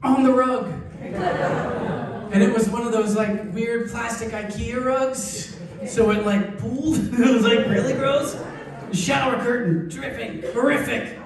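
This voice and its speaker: Stand-up comedian in an echoey club. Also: male voice, measured pace, a crowd in the background. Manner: deadpan storytelling with big high-pitched outbursts. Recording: echoey live club mic from a distance, audience. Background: audience laughter.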